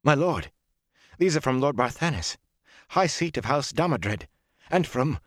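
A man voicing a stiffly formal, deferential young male servant in an audiobook, pitched higher than his own voice. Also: very animated, fairly quick, a bit bright, no echo, studio quality. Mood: awed.

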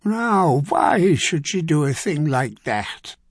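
Casting: man doing a sardonic elderly noble father, dry, pitched up a touch. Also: sing-song, slow pace, husky, no echo, full character voice.

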